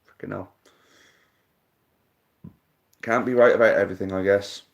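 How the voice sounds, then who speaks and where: A man with a very low voice runs a live online quiz and chats loosely with the players. He thinks out loud, curses lightly, and keeps calling everyone mate. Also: steady tone, fast, gravelly, lo-fi sound. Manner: thinks aloud, swears casually, calls people mate. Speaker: live-stream quiz host. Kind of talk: casual live-stream chat.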